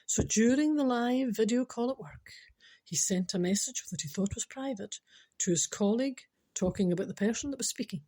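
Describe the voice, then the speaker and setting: Husky Scottish woman telling funny stories. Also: on the high side, animated, moderate pace, warm tone. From Scotland. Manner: chatty, repeats herself, laughs at her own stories. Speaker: podcast host. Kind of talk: chatty comic storytelling monologue.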